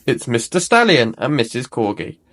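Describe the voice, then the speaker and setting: A man's voice: mid-range voice, very animated, moderate pace, a bit bright. A man voicing a curious little girl piglet in a storybook read-aloud, piping and questioning.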